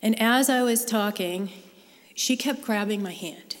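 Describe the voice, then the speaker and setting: A woman's voice: fairly high pitch, measured pace. A woman sharing a personal faith story with a live group, in an earnest, conversational way. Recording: long hall reverb.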